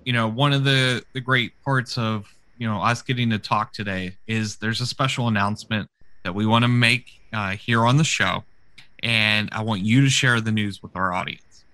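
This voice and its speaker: A man's voice: lowish voice, steady tone, normal speed, pushed and bright, no room sound. A man hosting a casual interview, asking questions in a friendly, enthusiastic way. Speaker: interviewer, podcast host.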